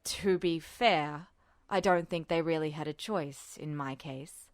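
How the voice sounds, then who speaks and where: A woman voicing a weary adult male army officer, dry and protective, speaking low with wry understatement. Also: unhurried, no room sound. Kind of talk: podfic reading.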